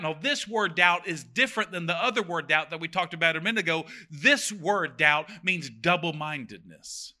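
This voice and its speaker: A man preaching a sermon, reading scripture aloud and breaking in with animated, joking comments. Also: on the high side, normal speed, hardly any pauses. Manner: animated, reads verses then comments with jokes.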